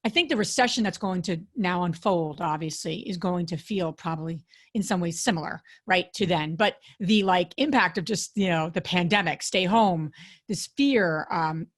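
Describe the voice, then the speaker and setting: A woman's voice: fairly low pitch, moderate pace. A woman guest on a podcast interview, a real estate investor, friendly and talkative with "you know" fillers.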